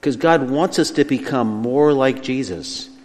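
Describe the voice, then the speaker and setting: A man preaching a sermon, emphatic and lively, dropping soft and slow on key phrases. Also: mid-range voice. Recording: long hall reverb.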